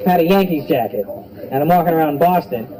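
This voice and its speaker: A man's voice: fairly high pitch, fast, rough recording. A man doing a stand-up comedy set on a club stage, joking loosely and with a lot of swearing, working the crowd and doing voices. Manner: loose, profane crowd work with animated impressions. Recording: live club recording with crowd. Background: audience laughter.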